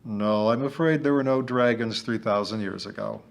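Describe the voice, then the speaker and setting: A man's voice: fairly low pitch, normal speed, gravelly. A man voicing a merry, boastful ancient male hill sprite in a storybook reading, hearty and emphatic. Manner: hearty, emphatic, sing-song when chanting.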